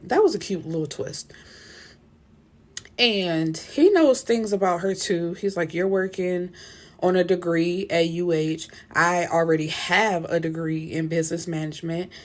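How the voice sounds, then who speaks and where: Chatty woman recapping a book. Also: fairly low pitch. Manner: animated retelling with many fillers and quoted dialogue. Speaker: book reviewer.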